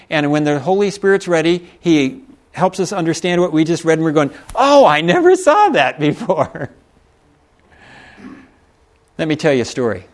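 A middle-aged preacher tells stories from the pulpit in a folksy way, chuckling and turning to the congregation with asides. His voice sits somewhat high for a man. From Texas. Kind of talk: sermon.

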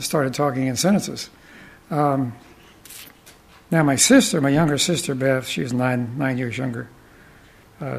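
Gravelly-voiced man telling folksy stories. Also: a little high. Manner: rambling, folksy, with frequent pauses and restarts. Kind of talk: anecdotal storytelling talk.

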